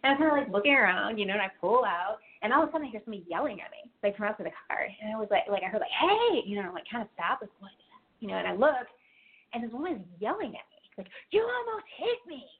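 A woman's voice: medium pitch, expressive, very fast, slightly rough. A woman co-hosting a casual chat, telling stories in a chatty way with lots of fillers. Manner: chatty storyteller, many fillers. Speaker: co-host. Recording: tinny phone-like line.

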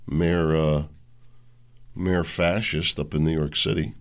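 Male host, very deep and gravelly, indignant sarcastic monologue. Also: steady tone, slow. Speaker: podcast host. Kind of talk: political commentary monologue.

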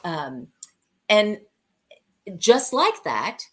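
A woman guest, a cabaret singer, telling stories from her career in an animated, conversational way and laughing often. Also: mid-range voice, extremely slow, slightly rough. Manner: lively anecdotes, acting out the voices of people she quotes; laughs often mid-story.

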